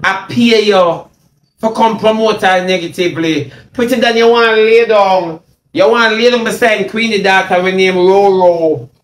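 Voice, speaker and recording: A man's voice: high-pitched, a little slow. A man with a Jamaican accent delivers a mocking, repetitive, confrontational rant on a livestream into a phone. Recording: echoey room, faint noise.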